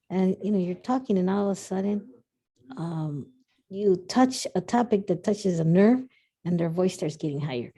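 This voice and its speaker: Dark-voiced woman sharing in a workshop. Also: on the low side. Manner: rambling, halting, with many fillers. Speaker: workshop participant. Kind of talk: casual sharing.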